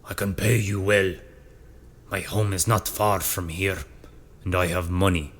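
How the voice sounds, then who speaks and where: A man doing a gruff brutish prisoner. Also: fairly even intonation, unhurried. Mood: urgent. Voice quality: deep, gruff.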